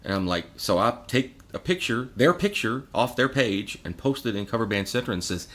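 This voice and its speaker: Animated, sarcastic man ranting. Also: fairly low pitch, a little fast. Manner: sarcastic, profane ranting with laughter. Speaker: podcast guest, guitarist. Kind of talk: casual podcast storytelling.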